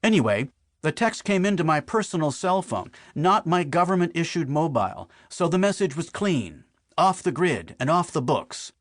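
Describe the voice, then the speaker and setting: A man's voice: a little high, normal speed, no echo, clean studio sound. Wry man narrating an audiobook. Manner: wry, deadpan humor. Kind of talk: first-person audiobook narration.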